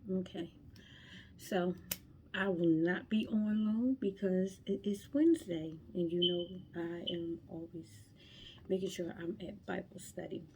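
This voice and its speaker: A woman's voice: on the low side, steady tone, unhurried, a little mellow, a little hiss or hum. A young woman giving an emotional devotional talk, fervent and close to tears, repeating her phrases. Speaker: vlogger sharing faith.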